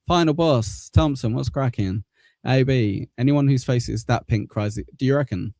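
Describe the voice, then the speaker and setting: A man's voice: medium pitch, normal speed, vocal fry, darkish tone, no room sound. A man from the south of England with a Manchester accent, hosting a casual live stream, joking and swearing at his own bad luck. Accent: Mancunian. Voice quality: swears often, laughs at himself. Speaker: stream host.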